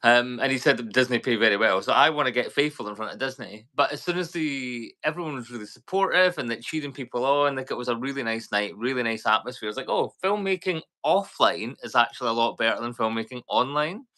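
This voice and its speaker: A man's voice: mid-range voice, fast, hardly any pauses. A man with a Scottish accent, co-hosting a podcast and telling rambling stories in casual chat. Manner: rambling, animated storyteller. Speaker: podcast co-host.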